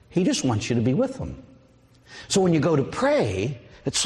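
A middle-aged man, a priest, preaching a sermon with lively storytelling and acted-out voices. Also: on the high side, moderate pace, in a large hall. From Pittsburgh, USA.

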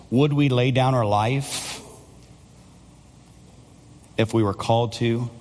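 A man preaching a Sunday sermon at a mid pitch, pressing his points with loud, emphatic bursts. His voice rings through the long reverb of a church sanctuary. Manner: preaching with rising, near-shouted emphasis. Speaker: pastor.

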